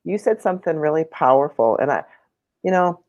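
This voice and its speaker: A woman's voice: low-pitched, expressive, darkish tone. Earnest woman host, dull lo-fi sound. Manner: earnest, halting restarts when moved. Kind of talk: casual conversation.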